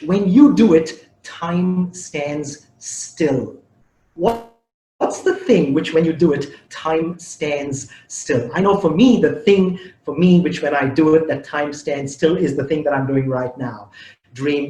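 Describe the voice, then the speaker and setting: A man giving an animated motivational talk, playfully teasing the audience with questions and repeating and spelling out key words. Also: a little high, echoey room, low-quality recording. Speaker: motivational speaker.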